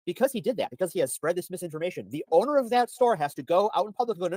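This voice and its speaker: A man's voice: high-pitched, lively intonation, very fast, darkish tone, no echo. A man in a played stream clip, explaining insistently and getting worked up. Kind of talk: casual stream discussion.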